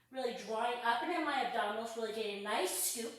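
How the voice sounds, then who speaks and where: A woman leading a pilates mat class, calling out breath cues and movements while exercising, out of breath and upbeat. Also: on the high side. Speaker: pilates instructor. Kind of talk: guided workout instruction. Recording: echoey room, distant mic.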